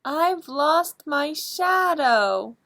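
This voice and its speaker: Woman voicing a gentle little cheetah. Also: high voice, lively intonation, very slow, pitched above the performer's own voice, exaggerated voice. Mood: earnest. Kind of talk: storybook read-aloud.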